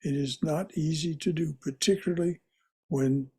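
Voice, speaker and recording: A man leading a religious study class, gentle and often repeating words as he explains. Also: fairly high pitch, moderate pace, slightly rough. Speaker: class teacher.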